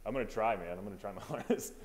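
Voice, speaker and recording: A man's voice: lowish voice, rapid-fire. A young man doing a stand-up set at an open mic, rambling and self-deprecating, with lots of filler asides. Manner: rambling, self-deprecating, lots of "you know what I mean". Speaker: stand-up comedian. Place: small open mic venue.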